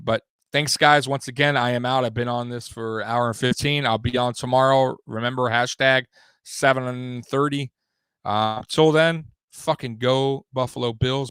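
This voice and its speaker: A young man hosting a live sports show, swearing freely and rambling with sudden loud bursts. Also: mid-range voice, smooth, no room sound. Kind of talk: casual live-stream sports talk.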